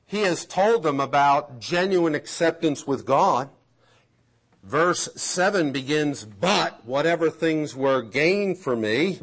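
A man preaching a sermon, swinging from loud emphatic peaks to hushed asides. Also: fairly high pitch. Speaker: pastor.

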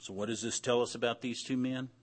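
With a mid-range voice, fairly even intonation, and a quick pace, this Bible study teacher runs an interactive class. He questions the group, repeats what they answer, and shows some dry humor.

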